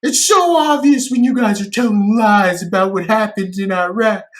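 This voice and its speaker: A man's voice: sits high, moderate pace, pitched above the performer's own voice, close to an everyday voice. A man putting on the voice of a scornful male online commenter who accuses others of lying, in a raised, mocking tone.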